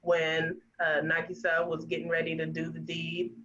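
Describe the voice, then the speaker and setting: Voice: medium pitch, completely flat delivery, moderate pace, fairly bright tone, lo-fi sound, a little hiss or hum. A podcast guest in casual chat, earnest and enthusiastic, speaking over a video call.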